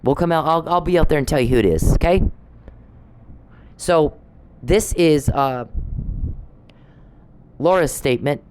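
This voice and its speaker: A woman's voice: low-pitched, expressive, measured pace, pauses often, darkish tone, a little hiss or hum, poor audio. Woman podcast host, blunt, profane, accusatory, rambling monologue. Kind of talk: angry personal podcast monologue.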